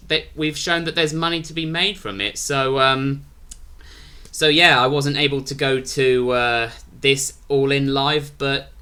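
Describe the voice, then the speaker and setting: A man's voice: medium pitch, bright, forceful tone, clean tone. A British man rambling through a casual review of a wrestling show, restarting his sentences often. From Britain.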